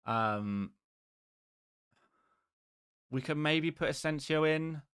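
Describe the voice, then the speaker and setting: Exasperated live-stream host, fairly high voice. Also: male voice, extremely slow, a bit bright, smooth, dry recording, clean studio sound. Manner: rambling, exasperated, self-mocking. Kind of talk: casual live-stream chat commentary.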